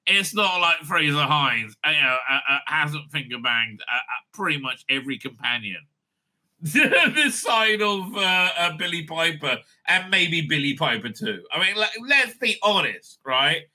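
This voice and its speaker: Guy ranting on his own channel, high voice, swings up and down a lot, keeps laughing. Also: sing-song, unhurried, bright, forceful tone. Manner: loose and rambling, laughs often, profane. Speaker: online show host. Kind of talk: casual ranting commentary.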